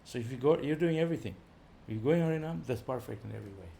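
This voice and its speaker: Animated man giving an informal talk. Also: mid-range voice, rapid-fire, vocal fry, a little hiss or hum. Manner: animated, rising loud for emphasis, chuckling. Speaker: visiting speaker.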